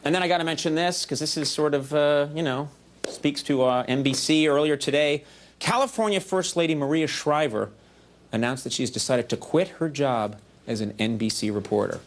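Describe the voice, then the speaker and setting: A man in his forties hosting a late-night show, delivering a quick, self-mocking comedy monologue with shouty outbursts on a studio stage. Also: a little high, noisy background. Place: television studio stage before live audience. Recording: VHS archive broadcast with loud audience.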